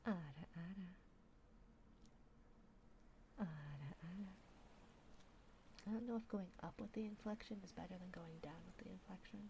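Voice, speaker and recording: A woman streamer giving a whispered ASMR livestream chat, softly whispering and giggling. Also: mid-range voice, vocal fry, slight background noise. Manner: soft whispering, slow and drawn out, often giggling. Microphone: binaural dummy-head microphone.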